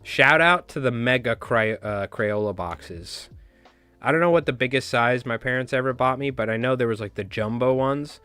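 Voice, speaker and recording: A man's voice: mid-range voice, moderate pace, pushed and bright, clear, resonant tone, dry recording, faint music behind. A man hosting a casual fly tying live stream, joking and rambling as he talks back to his chat.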